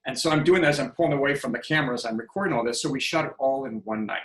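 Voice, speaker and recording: A man's voice: medium pitch, very fast, roomy sound, low-quality recording. A man in his fifties, a podcast guest telling stories casually and acting out the dialogue he quotes. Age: 50s. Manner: animated storyteller who acts out quoted dialogue. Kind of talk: casual storytelling interview.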